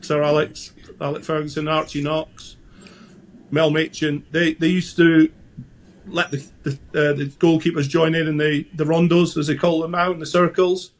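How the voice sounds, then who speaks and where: A man's voice: on the high side, flat delivery, normal speed, slight background noise. A Scottish man in his sixties, a former goalkeeper, chatting as a guest and telling anecdotes with frequent restarts. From Scotland. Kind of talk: casual interview chat.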